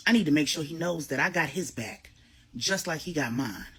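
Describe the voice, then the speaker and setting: A woman doing a young man from a storybook who pleads earnestly about his little brother, loud and lively with a low, husky tone. He sounds devoted and worried. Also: moderate pace, exaggerated voice.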